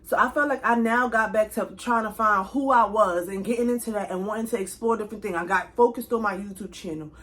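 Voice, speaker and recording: A young woman telling a casual storytime straight to her viewers, chatty and animated, with speech. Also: medium pitch, fast, hardly any pauses. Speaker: vlogger.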